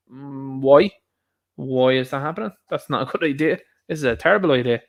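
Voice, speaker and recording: A man's voice: medium pitch, brisk, creaky. An Irish man giving indignant, sarcastic commentary on news headlines, addressing his viewers as lads. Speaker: vlogger, commentator.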